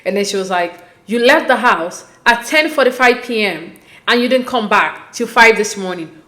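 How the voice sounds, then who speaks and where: A woman hosting a casual, animated recap, talking conversationally and acting out quotes as she goes. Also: on the high side, normal speed, reverberant. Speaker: podcast host recapping a reality show.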